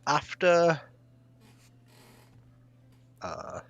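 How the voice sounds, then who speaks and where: A man runs a tabletop game as dungeon master, with a bright, lively voice that climbs and falls and an unhurried pace. He laughs between lines. The recording is clean and close. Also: on the high side, highs cut off.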